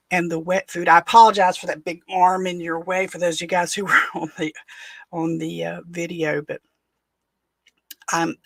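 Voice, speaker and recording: A West Virginian woman hosts a live stream from home and chats in a loose, rambling way. Her voice sits a little low and has a gravelly, husky edge. The sound is dry and close. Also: dry recording. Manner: rambling with frequent fillers and restarts. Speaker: podcast host. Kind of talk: casual live-stream chat.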